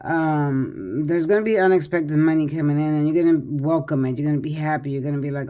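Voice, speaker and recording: A woman's voice: low voice, a little fast, hardly any pauses, dark tone. A tired older woman doing a casual tarot reading, chatty and rambling with many fillers and restarts. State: tired, yawning. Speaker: tarot reader.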